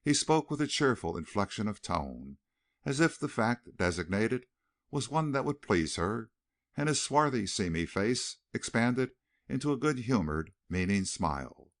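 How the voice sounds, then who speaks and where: A man narrating a western novel as an audiobook, reading in an expressive, dramatic way. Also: fairly low pitch, measured pace. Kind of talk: scripted narration.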